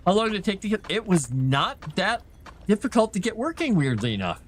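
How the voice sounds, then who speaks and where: A man's voice: high voice, sing-song, fairly quick. A man giving goofy, casual commentary while he streams a game. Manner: goofy, chatty. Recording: noisy background.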